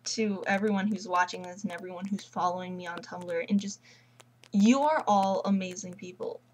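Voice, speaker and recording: A teenage girl vlogging casually at home, rambling and gushing like an excited fangirl. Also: lowish voice, moderate pace, poor audio. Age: teens. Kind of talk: casual chat.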